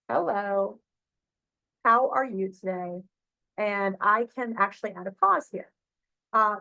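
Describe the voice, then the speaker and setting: A middle-aged woman librarian walks through software on a shared screen, chatty and full of fillers and check-ins. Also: medium pitch, creaky, dry recording, low-quality recording. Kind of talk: screen-share tutorial walkthrough.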